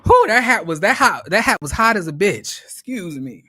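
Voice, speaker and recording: A man with a high, lively voice recaps a reality show. He swears freely and stammers through restarts as he tells the story. The recording is dry and close-up. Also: moderate pace, no echo. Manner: animated, profane, stammering restarts. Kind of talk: casual profane recap commentary.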